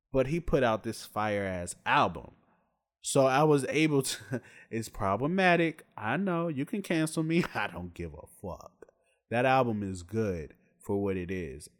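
Blunt, profane young man ranting. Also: medium pitch. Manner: blunt, profane, animated storytelling. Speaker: vlogger. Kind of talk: casual opinion rant to camera.

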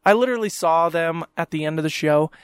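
A young man rants through a solo podcast, exasperated and swearing at every turn, his voice sitting a little high for a man. The sound is close and dry, with no room around it. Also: fast, clear, resonant tone, no room sound. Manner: exasperated, swears constantly, mocks people in quoted voices. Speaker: podcast host. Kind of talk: profane ranting monologue.

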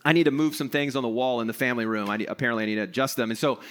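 A man's voice: mid-range voice, steady tone, rapid-fire, fairly bright tone. A middle-aged man preaching a casual sermon to an online audience, chatty and self-deprecating, acting out little scenes along the way. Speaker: pastor.

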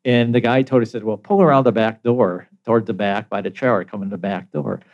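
An older American man, the show's guest, telling a story in casual chat, animated and laughing often as he acts out the voices of others. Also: lowish voice, a little fast, muffled recording.

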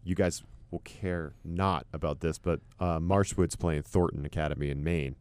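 A man's voice: low voice, steady tone, normal speed, darkish tone, clear, resonant tone, dry recording. A man, a guest sportswriter, chatting casually about football picks on a podcast, easygoing and full of fillers.

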